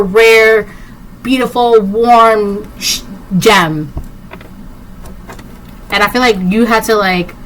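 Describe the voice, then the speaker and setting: A woman's voice: on the high side, a bit bright, slight background noise, poor audio. A woman giving a casual tarot reading, rambling and sassy, full of "like" and "um". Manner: rambling, filler-heavy, with frequent "like" and "um". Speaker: tarot reader.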